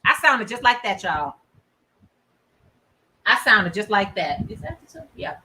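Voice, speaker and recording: A woman hosting a crafting livestream, chatting casually and warmly reading out viewer comments. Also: medium pitch, sing-song, a little slow, a little hiss or hum, poor audio. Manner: chatty, reads viewer comments aloud, encouraging. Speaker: crochet livestream host. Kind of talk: casual chat with live viewers.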